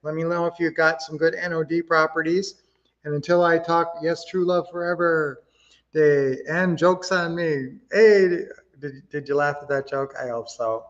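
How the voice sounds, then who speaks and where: A man's voice: a little high, fairly even intonation, normal speed, highs cut off. Upbeat man hosting a livestream. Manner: upbeat, chatty, addresses viewers as guys. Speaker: livestream host. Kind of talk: casual livestream teaching.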